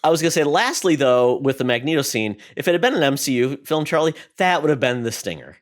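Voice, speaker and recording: A man's voice: on the high side, animated, quick pace. A man co-hosting a podcast, chatting casually about a film in a musing, hedging way. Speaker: podcast co-host. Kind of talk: casual movie discussion.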